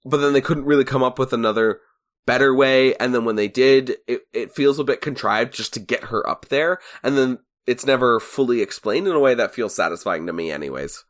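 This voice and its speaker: A man's voice: medium pitch, a little fast. A man co-hosting a podcast, chatting casually and analysing a series, now and then acting out characters' lines. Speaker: podcast co-host. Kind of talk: casual chat.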